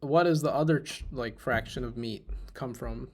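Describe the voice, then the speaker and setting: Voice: medium pitch, normal speed. A person in their twenties hosting a casual podcast chat, curious, asking lots of questions and laughing often. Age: 20s. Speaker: podcast host.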